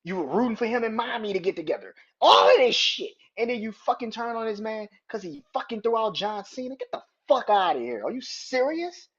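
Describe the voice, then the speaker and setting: Male podcast host on a heated, swearing rant, husky tone, muffled lo-fi recording. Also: high-pitched, very animated, a little fast, few pauses, fairly bright tone. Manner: heated, profane, emphatic ranting. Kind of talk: ranting wrestling podcast. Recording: dull lo-fi audio.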